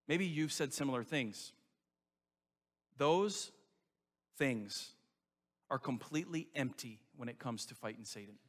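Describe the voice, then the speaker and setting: A man's voice: mid-range voice, lively intonation, measured pace, long pauses, in a large hall. A male pastor preaching a sermon in an emphatic, conversational way, full of rhetorical questions.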